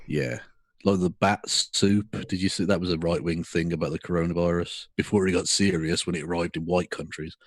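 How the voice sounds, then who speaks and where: A man's voice: low voice, steady tone, fairly quick, dry recording, studio quality. A man co-hosting a casual podcast chat, sarcastic and mocking, swearing freely. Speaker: podcast co-host.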